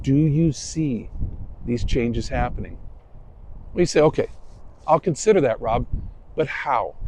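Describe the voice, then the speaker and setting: Gravelly-voiced man preaching a sermon. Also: a little high, mellow, slight background noise, low-quality recording. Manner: conversational, self-deprecating storytelling. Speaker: pastor. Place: church sanctuary.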